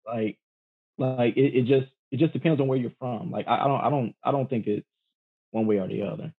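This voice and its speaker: A man guesting on a podcast, talking in relaxed slang, hesitant and often repeating himself. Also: mid-range voice, a little fast, husky, phone-quality sound. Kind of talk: casual podcast chat.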